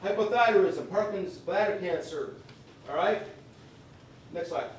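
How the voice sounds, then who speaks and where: Guy with a fairly high voice teaching a class to vets, folksy, keeps going "okay?", sounds far off in a roomy hall. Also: animated, moderate pace, a little hiss or hum. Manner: folksy, emphatic, checks in with "okay?". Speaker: veterans benefits presenter. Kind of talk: live class presentation. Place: convention meeting room. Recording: echoey room recorded from afar.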